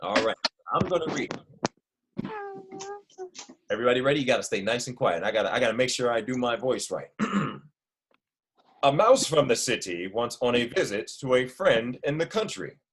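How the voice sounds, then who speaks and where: A male teacher reads a storybook to children and pauses often to quiz them. His voice is lively and swoops through a wide pitch range. His delivery stays animated and engaged throughout. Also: a little hiss or hum. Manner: lively, asks the children questions. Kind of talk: reading a story aloud to children.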